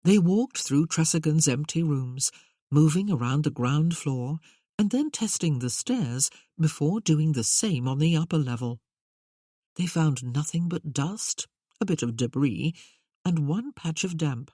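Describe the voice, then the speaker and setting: A measured audiobook narrator with a mid pitch. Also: dark tone, slightly rough, dry recording, studio quality. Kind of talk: scripted novel narration.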